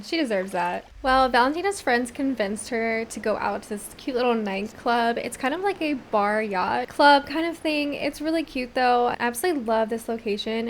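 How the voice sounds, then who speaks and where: A woman's voice: a little high, slight background noise. A young woman casually narrating a life-sim game, bubbly and gushing, often saying like. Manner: bubbly, gushing, says like a lot. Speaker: let's play narrator.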